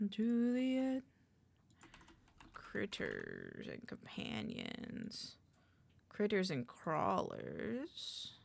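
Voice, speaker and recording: A woman's voice: mid-range voice, wildly swooping pitch, extremely slow, gravelly, long pauses. A woman streamer in casual live-stream chat at a desk microphone, rambling, muttering lists to herself and greeting her chat.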